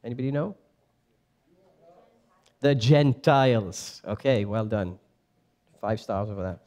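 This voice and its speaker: A young man teaching a Bible passage to a church group in a casual, lively way, asking the audience questions and correcting himself as he goes. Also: lowish voice, unhurried. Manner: lively, chatty, quizzes the audience, self-correcting. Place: church meeting room.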